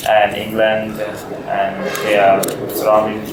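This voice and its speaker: A man's voice: on the low side, completely flat delivery, slow pace. A man in an English speaking club, answering hesitantly and thinking aloud, often repeating words. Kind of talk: casual classroom discussion. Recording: echoey room with background noise.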